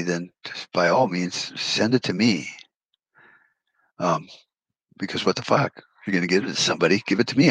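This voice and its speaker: Deep, husky man ranting bluntly. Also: fairly bright tone, dry recording, poor audio. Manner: blunt, swears freely, folksy analogies. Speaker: podcast host. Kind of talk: profane political rant.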